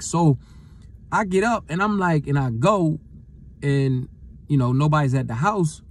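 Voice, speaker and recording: A middle-aged man, a retired football player, telling a personal story in a loose, rambling way that gets lively as he relives it. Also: medium pitch, moderate pace. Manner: relaxed, rambling with fillers, gets animated retelling the encounter. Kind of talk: casual storytelling monologue.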